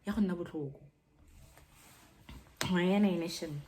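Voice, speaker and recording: A young South African woman with a South African accent, telling a gossipy story in a casual vlog and dropping into hushed whispers now and then. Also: fairly low pitch, moderate pace. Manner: gossipy, drops to hushed whispers, mixes English with Setswana. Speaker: YouTuber.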